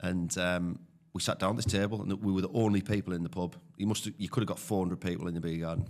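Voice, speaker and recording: Low-voiced bloke from the northeast, chatty podcast guest spinning a yarn, says mate a lot. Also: male voice, steady tone, quick pace, a little mellow. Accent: northeast English. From northeast England. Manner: chatty, tells anecdotes with lots of "mate" and restarts. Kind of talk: casual storytelling.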